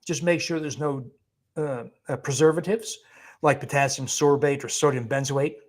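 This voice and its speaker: A male physician, appearing as a guest, takes viewer questions in a live Q&A. He explains briskly and emphatically, chuckles often, and bluntly dismisses bad advice. His voice is medium-pitched, steady, and darkish in tone.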